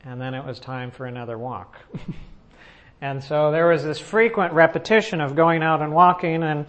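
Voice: medium pitch, normal speed. A preacher giving a sermon as a conversational personal story, with frequent restarts and questions to the audience.

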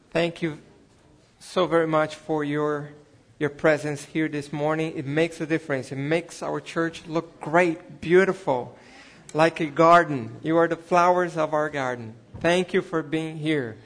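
Slow, gentle pastor greeting his church. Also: on the high side. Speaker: visiting pastor. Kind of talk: greeting a congregation.

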